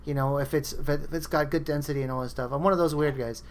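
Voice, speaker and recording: A man's voice: fairly high pitch, fairly even intonation, fast talker. A man hosting a podcast, chatting casually and rambling through stories, acting out friends' lines as he goes. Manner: rambling storyteller, acts out quoted friends. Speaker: podcast host. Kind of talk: casual chat.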